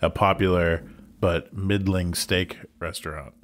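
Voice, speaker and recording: A man's voice: low voice, steady tone. A man co-hosting a casual podcast who agrees easily, laughs often, and tells an easygoing story. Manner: laid-back, agreeable, quick laughs. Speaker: podcast co-host. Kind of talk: casual chat.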